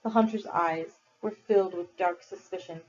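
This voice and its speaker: A woman teacher reading a novel aloud to her class, measured and expressive. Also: fairly low pitch, faint music behind. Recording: dull lo-fi recording.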